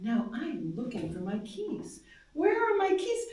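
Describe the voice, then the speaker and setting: High-voiced woman reading in an echoing hall. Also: huge pitch swings, a little slow. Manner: intense, emotional, shifts between hushed and loud. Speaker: performer reading dream monologues. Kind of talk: dramatic live reading of first-person dreams. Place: darkened live performance space. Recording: very echoey hall, voice from far off.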